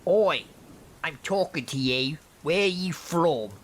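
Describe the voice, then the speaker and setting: A man voicing a drunk, violent male stranger who shouts slurs and threats at a frightened young woman. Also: a little high, expressive, slow, a little hiss or hum, voice pushed up. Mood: menacing abuse.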